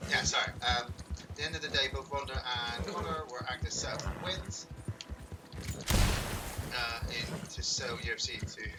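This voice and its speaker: A man rambles through a casual game stream, cracking jokes and swearing freely. His voice sits a little back from the mic, with a clear hum of noise underneath. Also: medium pitch, normal speed, pauses often, recorded from a distance. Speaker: game streamer and podcast host. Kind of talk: casual gameplay stream chat.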